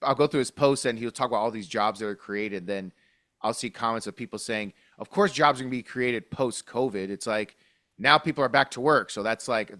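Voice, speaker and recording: A man's voice: on the low side, fairly bright tone, no room sound, clean studio sound. A man comedian guest musing hesitantly, with lots of "like" fillers. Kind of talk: casual chat.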